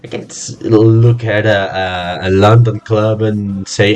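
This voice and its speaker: Slow-talking Brazilian man, low voice. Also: steady tone, faint music behind. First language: Portuguese. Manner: halting, repeats words, swears casually. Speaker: podcast host. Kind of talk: casual solo podcast monologue.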